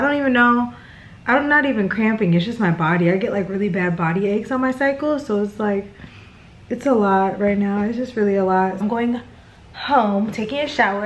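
A woman's voice: medium pitch, muffled recording, a little hiss or hum. A young woman vlogging casually to a handheld camera, rambling and chatty, tired and a little out of breath. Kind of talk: casual vlog chat to camera.

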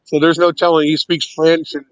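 A man's voice: fairly high pitch, little pitch movement, moderate pace, no echo, highs cut off. A man in casual, profane banter on a livestream call, rambling with stammering restarts.

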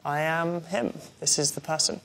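Wry young Englishman, gravelly edge. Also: a little high, steady tone, moderate pace, a bit bright, a little hiss or hum. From England. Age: 20s. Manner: wry, self-deprecating. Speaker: interviewee. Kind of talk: reading web questions aloud and answering.

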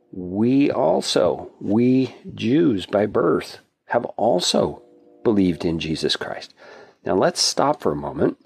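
A man's voice: lowish voice, creaky, slightly rough. A man teaching a Bible passage in an earnest, explanatory way, thinking aloud as he goes. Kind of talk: casual Bible study teaching.

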